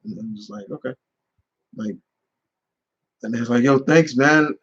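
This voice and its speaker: A man's voice: mid-range voice, measured pace, fairly bright tone, breathy edge. Guy rambling through stories on his live q&a, kinda muffled lo-fi mic. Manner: rambling storyteller with many restarts and fillers. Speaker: channel host answering live questions. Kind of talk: casual live Q&A chat.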